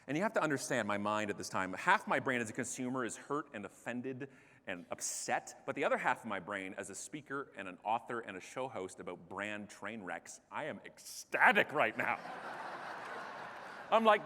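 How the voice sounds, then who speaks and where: A Canadian man giving a comedic keynote on stage, telling a story in an animated way and acting out the other people in it. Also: mid-range voice, normal speed, a little hiss or hum. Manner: animated, acts out characters, self-mocking. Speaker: keynote speaker. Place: large conference hall stage. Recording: long reverb of a large hall.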